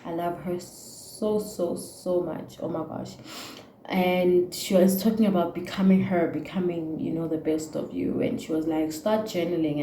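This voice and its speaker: A woman's voice: lowish voice, dark tone, a little hiss or hum. Heartfelt South African woman in an echoey room. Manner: heartfelt, preachy, mixes in Zulu words. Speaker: YouTuber. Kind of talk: emotional casual rant to camera.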